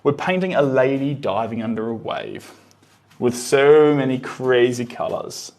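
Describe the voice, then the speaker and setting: A man's voice: mid-range voice, a little slow, darkish tone. A man streaming himself painting live, murmuring his brush moves to himself and answering chat in an easygoing, musing way.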